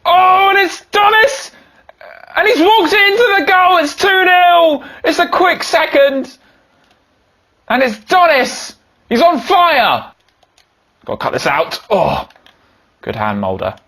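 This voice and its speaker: A young man giving excitable commentary over a football video game, yelling when goals go in. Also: on the high side. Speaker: gaming YouTuber.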